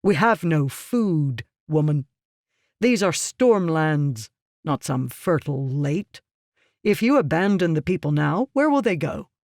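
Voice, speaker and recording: In this audiobook reading, the narrator plays a ruthless merchant given to scheming, lecturing others curtly and condescendingly. The medium-pitched voice is very animated yet measured in pace, a little mellow, on a dry, studio-quality recording.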